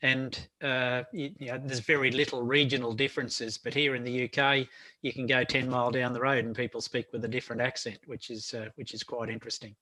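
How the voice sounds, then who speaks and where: Male host, hesitant questioner, sharp bright voice. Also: mid-range voice, flat delivery, fairly quick. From Australia. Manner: hesitant, many fillers and restarts. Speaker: interviewer, podcast host. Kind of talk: interview questions.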